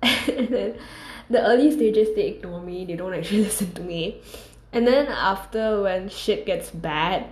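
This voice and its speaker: A woman's voice: mid-range voice, measured pace. A young woman telling a casual storytime monologue, rambling and candid, with lots of fillers. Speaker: vlogger. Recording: roomy echo.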